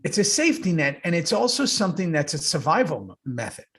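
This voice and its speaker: A man co-hosting a podcast, telling animated stories in casual chat and swearing freely. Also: fairly high pitch, quick pace, slightly rough. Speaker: podcast co-host.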